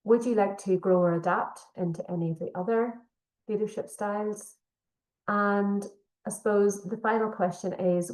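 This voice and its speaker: A woman's voice: on the low side, a little mellow. A woman facilitating a leadership training session, explaining steadily with frequent fillers. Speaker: workshop facilitator. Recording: echoey room.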